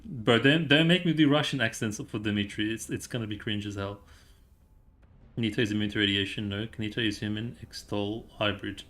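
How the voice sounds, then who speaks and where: A man's voice: fairly low pitch, fairly bright tone. A man streaming a story game, chatting casually with his viewers and reading the game's dialogue aloud in a rambling, easygoing way. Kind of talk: casual gameplay commentary and story read-aloud.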